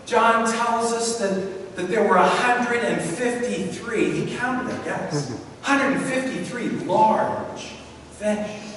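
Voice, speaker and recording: Captured at a distance in a big, echoing church hall with faint noise, a middle-aged pastor brings a sermon story to life by performing its characters' voices. He speaks slowly, in a high-pitched, fairly bright voice.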